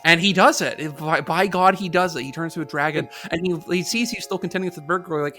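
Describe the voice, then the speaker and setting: A man with a bright, somewhat high voice co-hosts a casual podcast. He retells a game's story with gusto and slips into mocking voices for its characters. Faint music plays underneath. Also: quick pace, hardly any pauses. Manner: animated storyteller, mocks voices. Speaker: podcast co-host. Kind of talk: casual chat.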